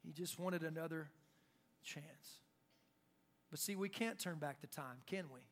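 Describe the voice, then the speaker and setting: Young male pastor, light high voice, lively sermon delivery with acted-out lines. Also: measured pace. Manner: animated, acts out shouted quotes.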